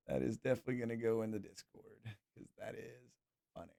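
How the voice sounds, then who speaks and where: A man's voice: on the low side, fairly quick, vocal fry, dark tone. A man casually commenting on his football manager game on a live stream, laughing often and reading questions aloud. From England.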